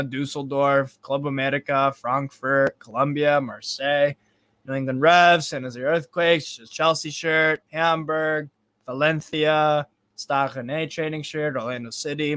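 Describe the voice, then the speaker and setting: A man's voice: a little high, pushed and bright, no echo. A young man hosting a live football watchalong, chatting casually and rambling with frequent swearing. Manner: rambling, swears freely, reads out chat. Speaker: football fan livestream host.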